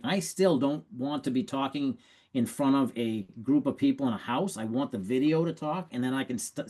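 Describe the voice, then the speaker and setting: A medium-pitched man runs a sales training session over a video call, keeping it lively and conversational while often starting his sentences over.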